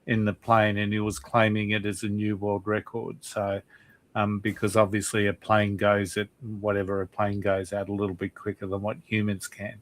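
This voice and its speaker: A man's voice: fairly low pitch, completely flat delivery, moderate pace. A man on a podcast in casual chat, playfully grumpy and exasperated. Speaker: podcast guest. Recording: dry close sound.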